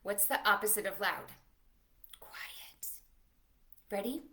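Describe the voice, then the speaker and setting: Woman, young adult, children's librarian, preschool storytime, sing-song, slow, lively pitch. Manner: animated, sing-song, talks to children and a puppet.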